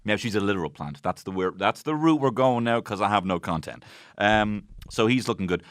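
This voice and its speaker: A man's voice: on the low side, fairly quick, fairly bright tone, clean tone, no room sound. A man hosting a comedy podcast from a studio. He recaps an episode in a rambling, jokey way and swears freely. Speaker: podcast host.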